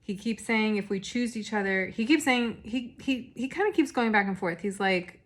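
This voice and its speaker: A woman's voice: medium pitch, moderate pace, few pauses. A young woman recapping a reality dating show in a rambling, casual monologue full of fillers and restarts. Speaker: recap podcast host.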